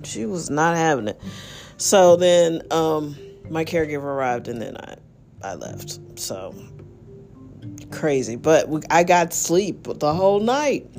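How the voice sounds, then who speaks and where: A woman's voice: deep voice, measured pace, a little mellow, faint music behind. A middle-aged woman hosting a casual solo podcast, exhausted and rambling, with lots of fillers and yawns. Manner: rambling, tired, yawning, with many fillers. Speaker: podcast host.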